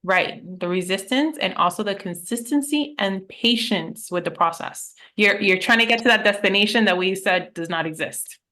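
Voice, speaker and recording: A woman's voice: medium pitch, normal speed, few pauses, sharp tone. A woman life coach in a casual podcast chat, telling personal stories candidly and with animation, swearing now and then.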